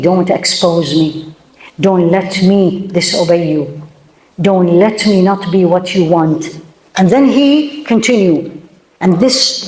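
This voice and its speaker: A woman lecturer giving a religious talk to a gathering of women, emphatic, asking her audience many questions and reciting Arabic verses quickly between her English. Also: fairly low pitch, darkish tone, a little hiss or hum. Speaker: Islamic lecturer. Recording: echoey room.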